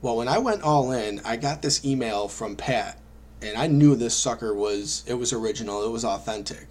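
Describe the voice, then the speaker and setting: A man telling his own story as a vlogger, animated and self-deprecating, acting out his own reactions. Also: medium pitch, moderate pace. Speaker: online marketing vlogger. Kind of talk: personal storytelling to camera.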